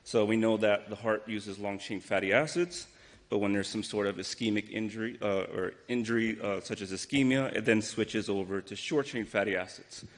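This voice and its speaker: A man presents his lab's research in a brisk, technical way, with a few fillers. His fairly low voice carries a long reverb from the lecture hall. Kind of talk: rehearsed scientific talk.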